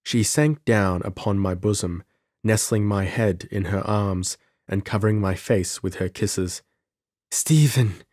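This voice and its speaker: Low voiced guy reading an audiobook, measured and dramatic, dry close mic. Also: steady tone, darkish tone, no room sound. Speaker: audiobook narrator. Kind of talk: scripted narration.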